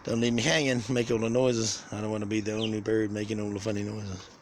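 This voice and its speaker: A man's voice: on the low side, little pitch movement, fast. A man filming his birds on a phone in an outdoor aviary, joking crudely and talking straight to them. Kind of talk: casual profane vlog. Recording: noisy with birdsong.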